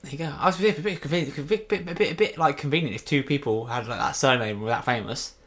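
A man co-hosting a casual podcast, his voice bright and forward. He rambles, restarts and stumbles over words, poking fun at himself. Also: on the high side, very fast. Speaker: podcast co-host. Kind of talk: casual chat.

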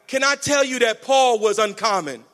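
A man preaching a sermon with energetic call-and-response, urging the congregation to answer back. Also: very high voice, moderate pace. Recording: long hall reverb.

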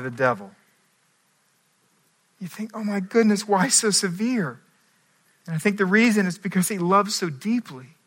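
A man preaching a sermon as pastor, earnest, moving between quiet asides and emphatic climaxes. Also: high-pitched.

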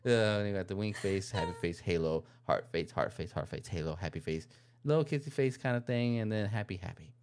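A woman's voice: extremely low pitch, fairly quick, a little mellow. A woman co-hosting a casual podcast, playful and laughing often as she lists emojis. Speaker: podcast co-host.

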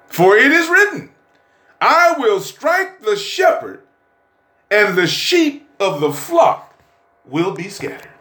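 A solemn, commanding Jesus foretells betrayal, as a preacher puts him on. The voice sits high and rises to a ringing cry. It is slow, bright and echoes in the room. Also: male voice, very animated, exaggerated voice.

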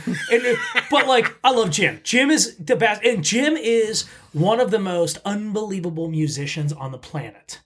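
A man's voice: sits high, animated, normal speed, a bit bright. A man chatting casually as a podcast guest, telling blunt, profane stories. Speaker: podcast guest, pizza shop owner. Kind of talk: casual chat.

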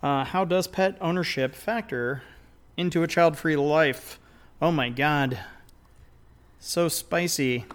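A man's voice: a little high, slow, long pauses. A man co-hosting a podcast in casual, rambling talk, theatrical and self-mocking, with plenty of fillers and mild swearing. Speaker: podcast co-host.

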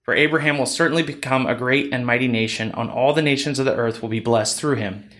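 A man reading the part of the Lord in a calm, measured voice. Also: mid-range voice, lightly acted. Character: the Lord, calm divine male voice.

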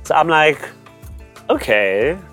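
A young man co-hosting a podcast, telling a dating story in a teasing, animated way. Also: fairly high pitch, slow, soft background music. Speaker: podcast co-host. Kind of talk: casual chat, storytelling.

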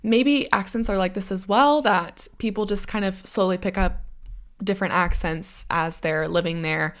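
A young American woman hosts a podcast alone, chatting casually and wandering off into side notes. Her voice is mid-range and she speaks at a normal speed.

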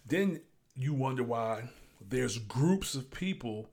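A man's voice: medium pitch, animated, slow, darkish tone. Male host, solo rant, casual and crude, mid-range voice. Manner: blunt, profane, ranting. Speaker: show host. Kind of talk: casual monologue.

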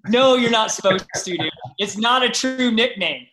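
A man's voice: very high-pitched, normal speed, echoey room, background noise. A middle-aged man, a podcast guest, chatting in an upbeat, friendly way. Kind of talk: casual podcast chat.

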